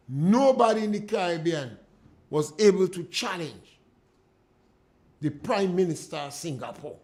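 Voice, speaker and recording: A man's voice: high-pitched, expressive, unhurried, pauses often, a little mellow. A man with a Grenadian accent hosting a call-in radio show, giving indignant and emphatic political commentary. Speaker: radio talk show host. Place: radio studio.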